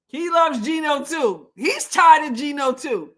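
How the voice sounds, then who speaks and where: A woman's voice: sits high, expressive, measured pace, a bit bright. A middle-aged woman hosting a casual live stream, laughing often as she chats with her viewers. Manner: laughs often, sings playful call-and-response prayer lines.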